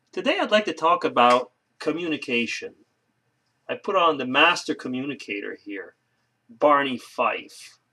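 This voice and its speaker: Casual male vlogger, gravelly tone, rambling delivery with fillers. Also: medium pitch, pushed and bright. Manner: rambling, joke-telling, many fillers and restarts. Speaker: video blogger. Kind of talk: casual vlog chat.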